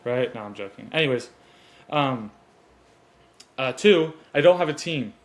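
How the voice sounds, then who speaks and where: A podcast host with a medium-pitched, expressive voice speaks at a measured pace into a desk mic on a stand. Earnest and rambling, he mixes motivational talk with casual chat and fixes his mic stand mid-recording.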